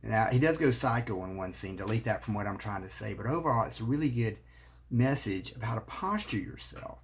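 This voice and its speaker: A man with a lowish voice and lively intonation speaks a little fast. He's a marriage therapist and relationship coach, offering earnest, coaching advice directly to the camera.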